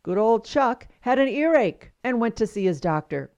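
A woman's voice: a little high, big pitch swings, normal speed, darkish tone, lo-fi sound. A woman hosting a podcast, giving scripted commentary with wry, emphatic storytelling. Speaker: podcast host.

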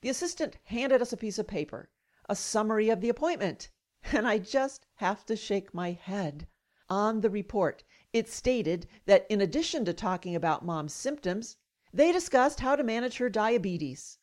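A middle-aged woman hosts a radio show and reads her own commentary aloud. She sounds indignant and leans hard on her words. Her pitch sits in an ordinary middle range. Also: expressive, moderate pace, darkish tone. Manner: indignant, emphatic. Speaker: radio host. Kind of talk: scripted personal commentary.

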